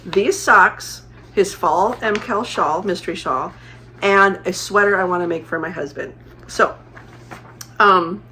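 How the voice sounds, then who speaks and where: A woman's voice: lowish voice, bright, forceful tone, slight background noise. A middle-aged woman from Arizona chatting casually as a crafting vlogger, rambling with many fillers and restarts. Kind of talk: casual chat.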